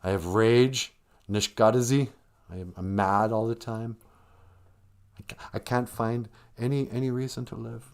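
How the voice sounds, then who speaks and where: A man's voice: medium pitch, fairly even intonation, a little slow, long pauses, clean tone, natural voice. A man voicing a depressed, weepy male moth who pleads for help in a told joke. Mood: despairing. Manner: mournful, pleading.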